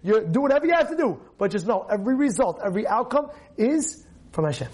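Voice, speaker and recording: A man, a rabbi, giving a Torah class, animated, firing rhetorical questions and repeating phrases for emphasis. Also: high-pitched, quick pace, noisy background.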